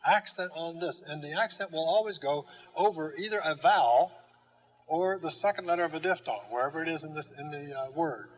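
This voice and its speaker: An older man giving a recorded Greek grammar lecture, slow and deliberate, with frequent "uh" fillers and repeated key terms. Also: a little high, a bit bright, slight background noise, poor audio. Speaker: Greek teacher.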